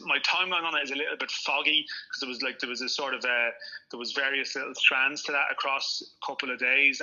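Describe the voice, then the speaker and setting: Flat, bright man recalling events. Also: medium pitch, lo-fi sound. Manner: steady recollection, hedging with fillers. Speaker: football journalist. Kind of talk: recollection in a podcast discussion.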